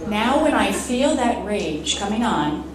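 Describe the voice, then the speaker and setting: Animated woman telling funny stories. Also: medium pitch, a little slow. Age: 50s. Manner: animated comic storytelling, often laughing. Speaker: motivational speaker. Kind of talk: humorous speech to an audience. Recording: echoey hall with background noise.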